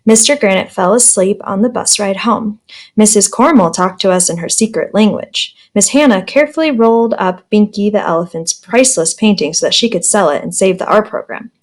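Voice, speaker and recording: A woman's voice: medium pitch, moderate pace. A woman teacher reading a children's storybook aloud in a friendly, plain manner.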